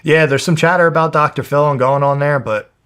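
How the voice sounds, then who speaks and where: A man in his twenties from New Jersey, a fighter telling a personal story in a candid, animated way, swearing heavily and acting out the people he quotes. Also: fairly high pitch, brisk, clear, resonant tone. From New Jersey, USA. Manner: heavy swearing, animated retelling with quoted voices. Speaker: guest, pro fighter.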